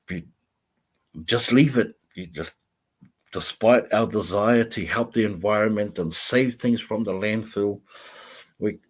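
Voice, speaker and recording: A man hosting a livestream, reading out viewer comments and rambling in a chatty way with frequent laughter. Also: on the low side. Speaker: vlogger host.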